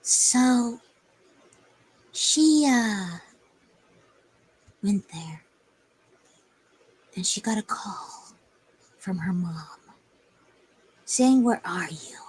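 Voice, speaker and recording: A woman's voice: mid-range voice, lively intonation, drawn-out words, long pauses, darkish tone, breathy edge. A young woman telling a story on a livestream in a rambling, hesitant way with many fillers. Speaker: streamer.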